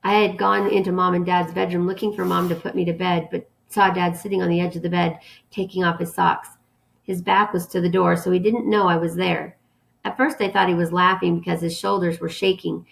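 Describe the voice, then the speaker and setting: A woman teacher reading a novel aloud to her students in a calm, steady storytelling manner. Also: on the low side, brisk, gravelly.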